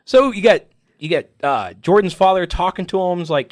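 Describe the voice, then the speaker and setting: Comics podcast panelist, male, emotional and animated, high and swooping pitch. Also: moderate pace, no echo, studio quality. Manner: emotional, animated, acts out comic scenes in voices. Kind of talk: excited casual chat.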